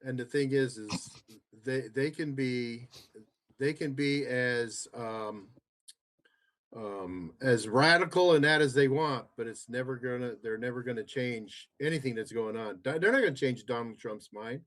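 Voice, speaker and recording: A man's voice: medium pitch, measured pace, a bit bright. A man co-hosting a podcast in casual political banter. He talks bluntly, with hesitant fillers and repeated words. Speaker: podcast co-host.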